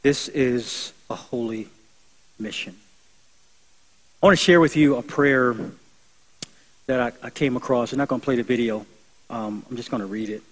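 A man's voice: mid-range voice, moderate pace, pauses often, poor audio. A young adult man preaching a sermon in an earnest, conversational way, building emphasis as he goes. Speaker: pastor.

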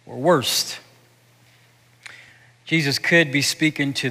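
Forceful preacher in an echoing hall. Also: male voice, medium pitch, measured pace. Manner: repeats and restarts words, swings from hushed to loud. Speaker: pastor. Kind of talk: sermon. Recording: echoey hall reverb.

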